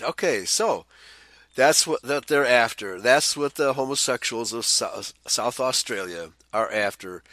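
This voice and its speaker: A man's voice: medium pitch, sharp tone, dry recording. A man hosting a commentary show, reading news items aloud and adding sarcastic, scornful asides, often chuckling and stumbling over repeated words.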